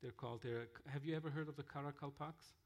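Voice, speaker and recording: A man telling mission stories in a sermon, halting with fillers and restarts. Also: fairly high pitch, steady tone. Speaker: missionary speaker. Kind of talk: sermon-style storytelling.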